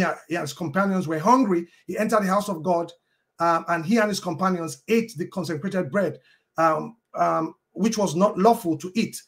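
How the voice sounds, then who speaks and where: A man arguing in a formal debate, quoting scripture at length and pausing often with ums and uhs. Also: sits high. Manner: halting, with many ums and uhs and restarts.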